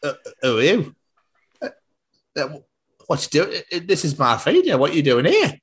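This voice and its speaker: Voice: medium pitch, huge pitch swings, moderate pace. A podcaster doing bickering garden birds. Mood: squabbling. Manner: petty, indignant, sweary. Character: two squabbling garden birds at a feeder. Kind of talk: improvised comedy bit.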